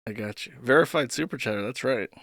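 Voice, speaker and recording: A man's voice: mid-range voice, quick pace, a bit bright, dry recording, clean studio sound. A man hosting a live stream, reading posts aloud and commenting sarcastically, with frequent laughs.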